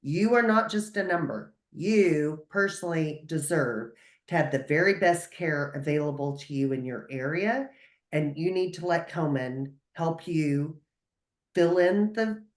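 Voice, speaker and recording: A woman's voice: deep voice, a little slow, roomy sound. A woman speaking as a guest on a video call, giving earnest, emphatic, encouraging advice.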